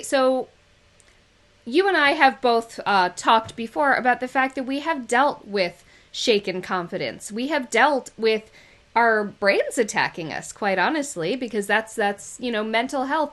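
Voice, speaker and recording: A woman's voice: high voice, a bit bright. A woman hosting an interview, asking long, thoughtful questions in a casual way. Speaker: host.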